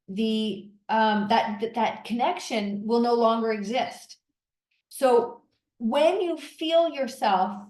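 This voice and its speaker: A middle-aged woman hosting a solo podcast, coaching listeners through a calming exercise, tired after a long day of talking. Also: fairly high pitch, echoey room, low-quality recording.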